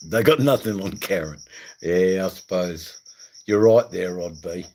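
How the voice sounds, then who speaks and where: Middle-aged Aussie livestream host, crude and jokey, drawling slowly over a faint night-insect hum. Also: male voice, low-pitched, a little mellow, low-quality recording. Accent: Australian. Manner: rambling, crude and jokey, many fillers. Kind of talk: casual livestream chat reading viewer comments.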